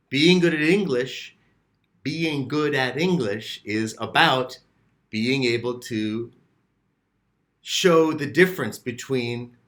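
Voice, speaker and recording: A man's voice: medium pitch, fairly bright tone. A man teaching an English grammar lesson, rephrasing his points and acting out his students' questions. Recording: echoey room.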